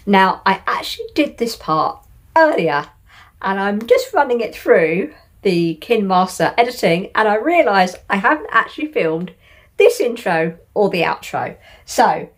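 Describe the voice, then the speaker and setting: A woman's voice: medium pitch, very animated, unhurried. A woman narrating her vlog in a chatty, cheerful way. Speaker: vlogger.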